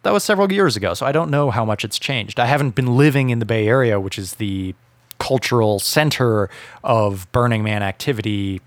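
A man in a casual podcast conversation, speaking at a middle pitch. He makes his points deliberately and holds firm opinions. The recording is close and dry. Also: dry recording. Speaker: podcast co-host.

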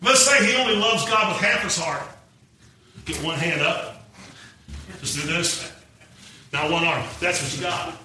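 A man preaching a sermon in a church, emphatic and rising to shouts as he draws in the congregation. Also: a little high, a little slow, pauses often. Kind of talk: sermon with live demonstration. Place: church sanctuary. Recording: echoey church from a distant mic, faint noise.

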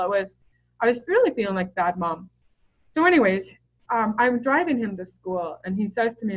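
A woman's voice: medium pitch, rough recording. A middle-aged woman as a podcast guest, talking openly and chattily with lots of fillers and restarts. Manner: open, chatty storyteller with many fillers and restarts. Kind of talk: casual interview conversation.

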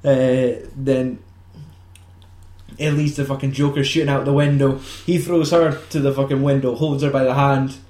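A man talks through a film with a friend, swearing freely and laughing as he acts out lines in silly voices. His voice sits in a middle pitch. The recording has a roomy echo. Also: little pitch movement, moderate pace, a little mellow. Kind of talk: casual film chat.

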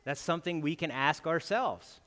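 A man's voice: fairly high pitch, moderate pace, a bit bright. A man giving a guest sermon in a conversational way, often tagging his points with "right?". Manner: conversational, keeps asking "right?". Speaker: guest preacher. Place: church. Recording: church hall with long reverb.

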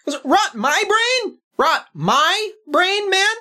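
A woman's voice: very high voice, sing-song, takes it slowly, sharp tone, voice pushed up, heavily acted. A woman voicing a paranoid, conspiracy-minded young man who mocks and rants at his brother. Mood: ranting. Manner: sneering, ranting. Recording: faint music behind.

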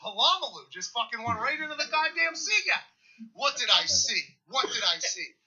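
A man in his thirties from Pittsburgh, telling a story in casual podcast chat, animated and profane, getting loud at the punchlines. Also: very high voice, moderate pace, husky, dull audio. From Pittsburgh, USA.

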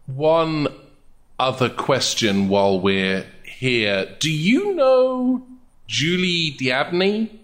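A wry, joking man playing in a remote tabletop role-play session. His voice swings lively up and down as he teases the table. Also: a little high, drawn-out words. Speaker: player.

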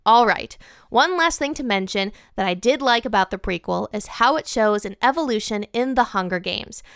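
A woman's voice: fairly high pitch, a bit bright, smooth, no room sound, studio quality. A woman hosting a podcast, giving a candid, opinionated film review with light laughs. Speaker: podcast host.

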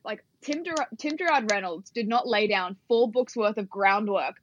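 Fast-talking animated woman, dry sound. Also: medium pitch, no room sound, dull audio. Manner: fast, animated, swears, lots of "like". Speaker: podcast co-host. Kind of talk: casual book chat.

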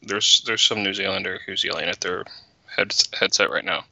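A man's voice: low-pitched, fairly even intonation, normal speed, creaky, sharp tone, slight background noise, low-quality recording. A man co-hosting a casual podcast chat, wry and orderly as he recaps the plot. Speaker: podcast co-host.

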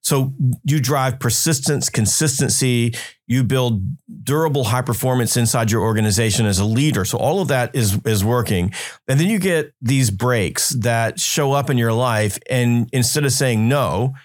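A man's voice: mid-range voice, normal speed. A man hosting a sales podcast, talking through strategy in an emphatic, summarizing coaching style. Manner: emphatic, summarizing, quotes imagined speakers. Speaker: podcast host. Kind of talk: coaching-style interview talk.

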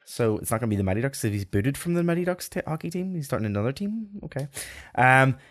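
A man's voice: medium pitch, big pitch swings, quick pace. A man co-hosting a casual sports podcast, talking hesitantly. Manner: hesitant, many fillers and restarts. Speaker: podcast co-host.

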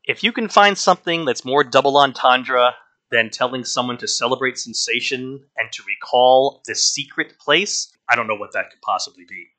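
A man's voice: medium pitch, moderate pace, sharp tone. A man talking casually through an album review, frank and wry. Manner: conversational, frank, wry asides.

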